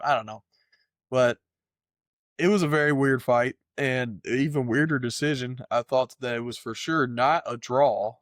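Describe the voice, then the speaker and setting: A man's voice: medium pitch, fairly bright tone, dry recording, studio quality. A man co-hosting a fight podcast in casual chat, loose and profane, rambling through his takes. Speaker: podcast co-host.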